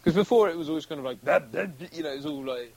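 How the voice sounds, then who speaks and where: A man's voice: a little high, animated, very fast, darkish tone, rough recording. A British man, an actor, chatting casually as an interview guest, rambling and acting out quotes with frequent laughs. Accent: British English. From United Kingdom.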